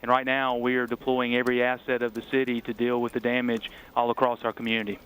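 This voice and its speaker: A man who is a city mayor giving a measured, cautious update during live storm coverage. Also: medium pitch, completely flat delivery, fairly bright tone, a little hiss or hum, rough recording. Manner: measured, cautious official briefing. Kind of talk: phone-in report during live news.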